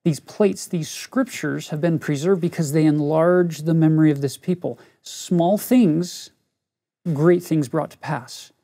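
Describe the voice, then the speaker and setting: Fairly high in pitch, this husky, mellow male voice goes a little slowly. He's a middle-aged religion teacher in a scripture lesson, telling his own story earnestly and speaking right to his listeners.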